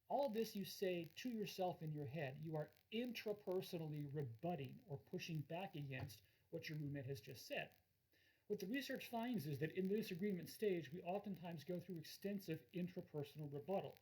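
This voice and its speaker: Husky-voiced man giving a lecture. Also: on the high side, animated, normal speed, a little mellow, rough recording. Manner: explains with everyday examples, acts out quoted lines. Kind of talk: recorded course lecture.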